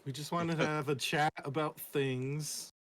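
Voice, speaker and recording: A man's voice: fairly high pitch, fairly even intonation, unhurried, a bit bright. A man playing a tabletop game with laid-back, short, laughing replies. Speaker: player. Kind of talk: casual tabletop play.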